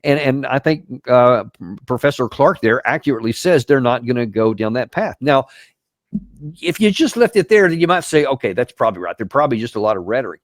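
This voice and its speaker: A man's voice: mid-range voice, expressive, brisk, no room sound, clean studio sound. A man hosting a show, giving emphatic, incredulous commentary on news clips. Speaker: host and military commentator.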